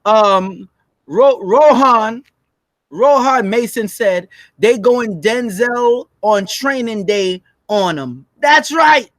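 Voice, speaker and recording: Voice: mid-range voice, expressive, slow, no echo. A co-host in a casual commentary chat who laughs often, talks emphatically and preaches to the audience.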